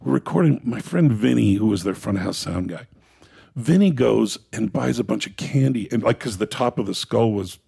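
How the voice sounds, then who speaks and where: A man's voice: on the low side, lively intonation, brisk, creaky, warm tone, slightly rough. A middle-aged man, a guest, telling laid-back, rambling stories about his years as a touring crew member, full of "you know" and "like". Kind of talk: casual storytelling on a podcast.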